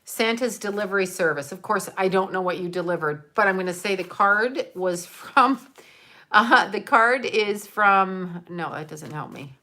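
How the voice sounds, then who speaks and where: Speaking at a measured pace with a sharp tone and medium pitch, this middle-aged woman vlogs to camera in a relaxed, chatty way. She opens gifts from viewers, holding them up and thanking everyone while rambling through lots of fillers.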